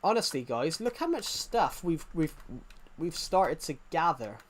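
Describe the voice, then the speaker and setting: A man's voice: a little high, sing-song, a little slow. A man chatting casually to viewers during a gaming live stream, rambling and joking as he plays.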